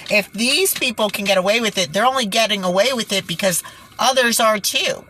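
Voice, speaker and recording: Hosting her own channel, a woman reads news reports in an exasperated, indignant vlog, sighing and tripping over her words. Her mid-range voice is a bit bright and a little fast.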